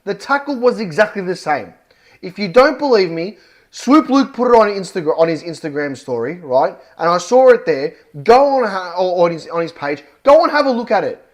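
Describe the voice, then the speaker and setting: Worked-up Australian man, high voice. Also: sing-song, normal speed. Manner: worked up, swears often, punchy and emphatic. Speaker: football fan vlogger. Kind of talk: heated match review rant.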